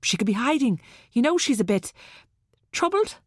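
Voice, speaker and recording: A woman voicing a gentle, calm teenage boy who talks in a reassuring way. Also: on the high side, normal speed, husky, dry recording, clean studio sound, voice pushed up.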